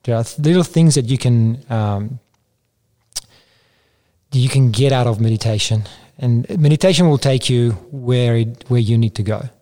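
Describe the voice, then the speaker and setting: Mellow-voiced Italian-accented man. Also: medium pitch. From Italy. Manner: hesitant, halting, plain-spoken. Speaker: martial arts guest. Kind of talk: casual podcast interview.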